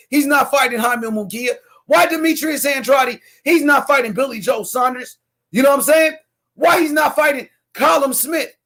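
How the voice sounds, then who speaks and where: Very high-voiced man ranting about boxing. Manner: heated, profane, often shouting questions; reads viewer comments aloud. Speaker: boxing commentary livestream host. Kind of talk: casual ranting commentary.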